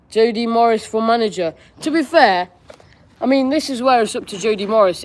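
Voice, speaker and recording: A man's voice: high voice, darkish tone. A young man hosting a live-stream Q&A, reading viewers' questions aloud and answering in a chatty, candid way with casual slang. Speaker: football fan streamer.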